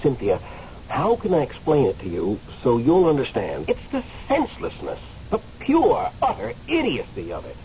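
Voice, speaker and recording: Playing a recently deceased man caught in limbo, the actor in this radio drama sounds angry and pleading, earnest and agitated, hesitating and stammering at moments and impassioned at others. He speaks at normal speed in a warm, medium-pitched voice with huge pitch swings. The radio recording is muffled, with faint hiss.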